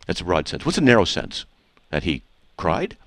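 A man's voice: deep voice, very animated, normal speed, fairly bright tone, no echo, studio quality. Pressing, insistent male radio host. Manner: pressing, interrupting, repeats questions. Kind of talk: call-in apologetics debate.

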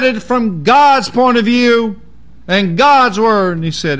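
A man's voice: very high-pitched, takes it slowly, fairly bright tone. A man preaching a sermon in a folksy, emphatic way.

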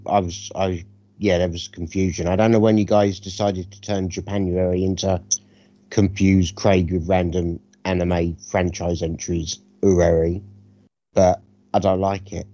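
A man co-hosting a film review chat, animated, sarcastic and freely profane. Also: sits low, unhurried, pauses often, no echo, highs cut off. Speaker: podcast co-host reviewing films.

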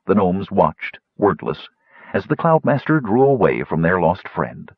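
Male audiobook narrator, lively low voice, dry lo-fi sound. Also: a little slow, no room sound. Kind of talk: scripted fantasy narration. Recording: dull lo-fi audiobook recording.

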